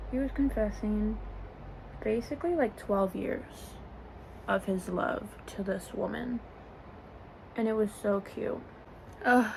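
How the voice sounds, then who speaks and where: Young woman fangirling on her phone cam like a facetime, rambly and gushy, talks slow, mid pitch. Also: vocal fry, slight background noise, low-quality recording. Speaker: vlogger. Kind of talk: casual get-ready-with-me vlog. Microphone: phone camera, as on a video call.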